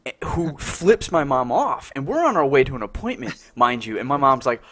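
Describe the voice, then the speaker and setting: Animated young man telling stories. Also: medium pitch, normal speed. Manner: animated, swearing, lots of "like" and "you know what I mean". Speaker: podcast co-host. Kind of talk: casual storytelling chat.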